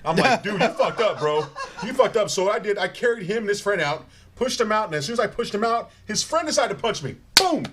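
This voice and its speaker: High-voiced man telling rowdy stories. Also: a little hiss or hum. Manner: rambling, animated, stumbles and laughs through his stories. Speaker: guest comedian. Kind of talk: live comedic storytelling.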